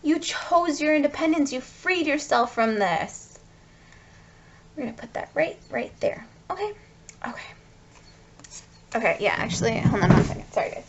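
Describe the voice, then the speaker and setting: A woman with a fairly high voice gives a tarot reading to her viewers. She gushes over each card and talks to them directly. The sound is a little dull and lo-fi. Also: very animated, moderate pace, creaky, long pauses, background noise. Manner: effusive, gushing, talks straight to viewers. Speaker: tarot reader.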